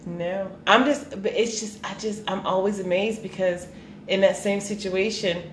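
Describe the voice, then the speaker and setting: A woman in her thirties co-hosting a casual chat, animated and quick to laugh. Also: mid-range voice. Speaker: podcast co-host. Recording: echoey room with faint noise.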